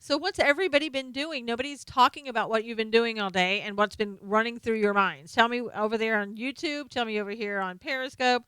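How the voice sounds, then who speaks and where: A middle-aged woman hosting a casual live stream, chatting with viewers and reading their comments, excitable, laughing and exclaiming often. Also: fairly high pitch, brisk, few pauses, smooth, no room sound.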